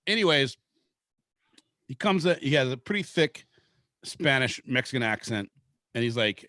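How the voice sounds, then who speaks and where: A man's voice: mid-range voice, lively intonation, unhurried, pauses often, bright, forceful tone, no echo, studio quality. Laid-back man telling a rambling story. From Seattle, Washington. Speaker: podcast host. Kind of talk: casual storytelling chat.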